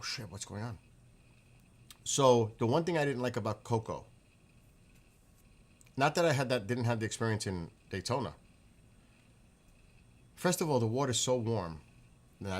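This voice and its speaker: Rambling, swearing man telling stories. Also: medium pitch. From northeastern US. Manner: rambling, profane, animated retelling. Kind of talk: casual storytelling monologue.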